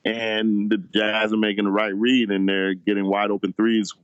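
A man co-hosting a sports podcast in casual chat, talking haltingly with many restarts. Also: fairly low pitch, little pitch movement, clear, resonant tone, no room sound, dull audio. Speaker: podcast co-host.

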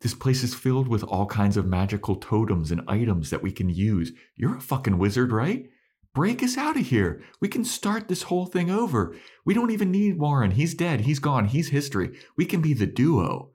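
A man voicing an excitable young male henchman who begs his partner to team up again. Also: on the low side, moderate pace, hardly any pauses, breathy edge. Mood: pleading. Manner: pleading, excitable.

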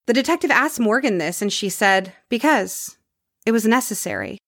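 A podcast host with a slightly high, fairly bright voice tells a true crime story casually, keeping a moderate pace and lively intonation. She drops her voice for grim details, and the sound is clean studio audio without room sound.

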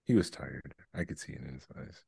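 A man co-hosting a casual chat, making dry, deadpan jokes. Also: a bass voice, brisk, gravelly, husky, no room sound. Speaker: podcast co-host.

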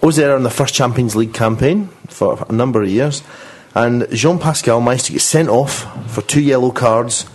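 A man's voice: medium pitch, moderate pace, few pauses. A man on a casual football podcast, eagerly telling odd football anecdotes to his co-hosts. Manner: animated storyteller, relishes the anecdotes. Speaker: podcast regular.

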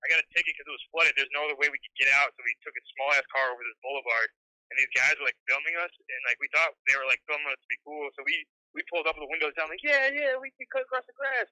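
A young man calling in over the phone, telling a long rambling story with lots of swearing and animated quoting of other people. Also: fairly high pitch, racing, dry recording, poor audio.

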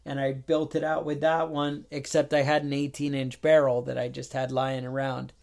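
A man's voice: mid-range voice, level tone, normal speed, gravelly, darkish tone. A man co-hosting a podcast in casual chat, telling a long story with exasperated asides and acted-out phone calls. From New York. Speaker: podcast co-host.

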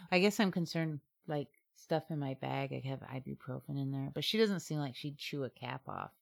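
Low gravelly-voiced woman, chatty. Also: moderate pace. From Southeast Alaska. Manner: chatty, laughs often, trails off. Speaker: podcast co-host. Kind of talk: casual chat.

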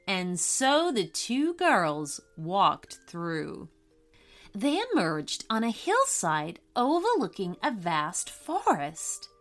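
Gentle woman storyteller, slow lively reading, soft music under it. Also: fairly high pitch. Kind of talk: scripted children's story narration.

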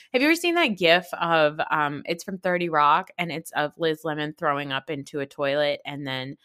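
A woman's voice: sits low, animated, moderate pace, fairly bright tone, no echo, studio quality. A woman hosting a podcast, giving casual, snarky commentary on a reality show and swearing freely. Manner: chatty, snarky, swears freely, laughs often. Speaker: podcast host.

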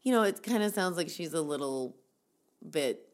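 Low-voiced woman telling a story. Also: lively intonation, normal speed. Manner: rambling, lots of fillers and restarts. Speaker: podcast co-host telling a story. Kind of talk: casual storytelling chat.

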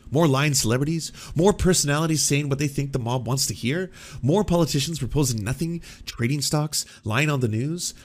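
A man hosting a political commentary show, talking in a sarcastic, mocking way and swearing freely. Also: mid-range voice.

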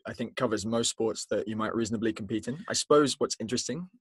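A man from South Africa co-hosts a podcast, his voice a little husky and his delivery measured. He sets out facts carefully and evenly. The sound is close and dry, with no room around it. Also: lowish voice, no echo. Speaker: podcast co-host. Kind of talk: casual discussion.

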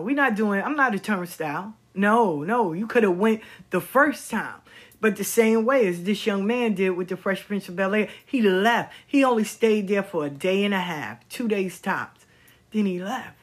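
A middle-aged woman speaks in a candid vlog monologue, her voice husky and breathy at a middle pitch. She talks bluntly, swears freely and hammers her points home by repeating words. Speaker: vlogger. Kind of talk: candid personal commentary monologue.

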